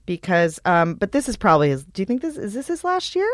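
A woman's voice: mid-range voice, big pitch swings, quick pace, no echo, clean studio sound. A woman co-hosting a podcast in casual sports chat, emphatic and opinionated, laughing easily. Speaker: podcast co-host.

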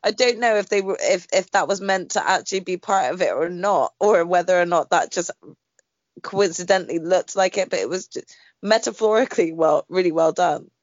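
A woman's voice: on the low side, brisk, no room sound, dull audio. A woman co-hosting a podcast, chatting casually and filling her talk with "like" and "you know". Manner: chatty, hedging with "like" and "you know", swears when excited. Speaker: podcast co-host. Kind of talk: casual wrestling chat.

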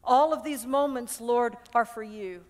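A woman's voice: a little high, measured pace. A woman pastor preaching a sermon with passion, often repeating words as she builds a point.

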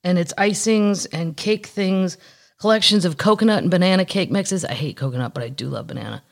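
A woman's voice: on the low side, a little fast, creaky. A woman from Missouri hosting a casual podcast, chatting and joking while reading news stories aloud. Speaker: podcast host.

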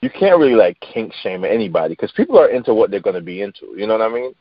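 A man's voice: on the low side, big pitch swings, quick pace, dry recording, highs cut off. Rambling man in casual podcast banter. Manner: rambling, lots of fillers and restarts, laughs easily. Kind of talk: casual chat.

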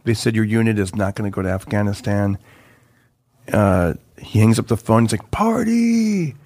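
A man's voice: fairly low pitch, level tone, moderate pace, a little mellow, no echo. A man, a comedian guest on a podcast, chatting casually and rambling with many restarts. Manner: rambling, restarts mid-sentence while explaining. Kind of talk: casual chat.

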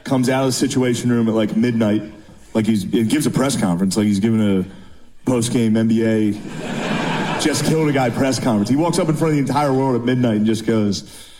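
A male comedian telling a story in an animated, incredulous riff, in an echoey room with noise behind. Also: medium pitch, fairly quick.

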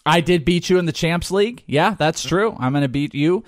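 A man's voice: fairly high pitch, lively intonation, fairly quick, no room sound, studio quality. A man co-hosting a casual sports podcast, teasing his friend, laughing a lot and swearing freely. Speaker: podcast co-host.

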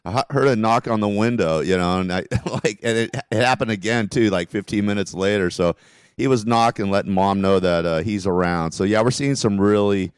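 A man's voice: lowish voice, brisk, clean tone, dry recording, clean studio sound. A grieving middle-aged man telling stories in casual conversation, rambling with frequent restarts and short laughs.

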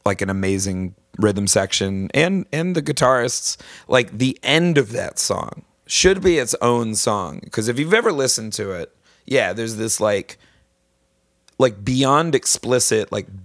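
A man's voice: fairly low pitch, a little slow, fairly bright tone, dry recording, studio quality. A man guest on a podcast, telling a story in casual chat with lots of fillers and restarts. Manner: rambling storyteller, many fillers.

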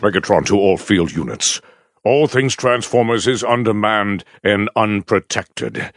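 A man's voice: fairly low pitch, measured pace, faint music behind. A man voicing a menacing male robot warlord commander in a theatrical, commanding way.

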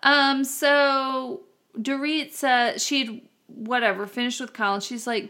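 A woman's voice: sits high, little pitch movement, slow pace, pushed and bright. A woman co-hosting a podcast, chatting casually and often quoting others in put-on voices. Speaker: podcast co-host. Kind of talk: casual chat recap.

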